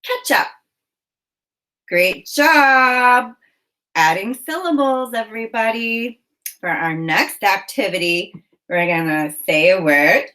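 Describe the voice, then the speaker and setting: A woman leads a phonics lesson for children. She speaks very slowly and clearly, with encouraging prompts. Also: medium pitch, animated, pushed and bright, low-quality recording. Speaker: teacher.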